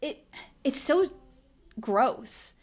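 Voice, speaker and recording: A woman's voice: high-pitched, animated, drawn-out words, a little mellow. A woman co-hosting a podcast, recapping a reality show in casual, indignant chat full of "like". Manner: indignant, chatty, heavy use of "like". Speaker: podcast co-host.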